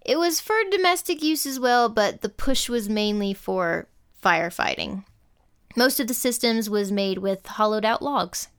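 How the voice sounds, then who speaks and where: A woman's voice: mid-range voice, lively intonation, unhurried, clear, resonant tone. A woman co-hosting a casual history podcast, reading out prepared facts and then cracking dry jokes. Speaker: podcast co-host.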